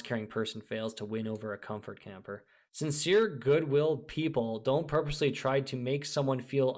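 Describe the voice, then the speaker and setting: A man delivering a profane, scornful ranting monologue, emphatic and breaking into frequent laughter. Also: medium pitch. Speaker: video creator.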